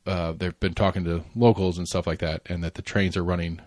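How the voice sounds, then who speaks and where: On a laid-back current-affairs podcast, a male co-host rambles with plenty of fillers, false starts and the occasional curse. His voice is deep, darkish and even, moving at a fairly quick clip, captured cleanly in a studio with no echo.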